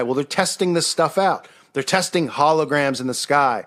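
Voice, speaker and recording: A man's voice: a little high, normal speed, a bit bright. A man hosting a casual monologue show, talking in a sarcastic, mocking way. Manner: sarcastic, mocking impressions of others. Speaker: host.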